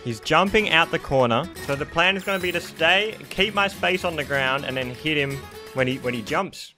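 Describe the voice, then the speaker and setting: A young man giving excitable live commentary while playing a fighting game, reacting loudly to plays. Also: a little high, normal speed, music in the background. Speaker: gaming streamer.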